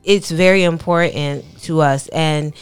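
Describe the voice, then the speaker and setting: A young woman co-hosting a podcast, telling a personal story in a halting, soft-spoken way, with many pauses and fillers, raw with emotion. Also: low voice, clean tone, faint music behind. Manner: tender, emotionally raw recounting. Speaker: podcast co-host.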